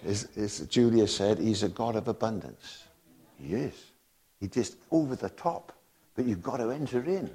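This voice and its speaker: A man's voice: mid-range voice, expressive, normal speed, mellow. A man preaching a sermon, emphatic and full of rhetorical questions to the congregation, reading scripture aloud as he goes. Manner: reads and quotes scripture aloud.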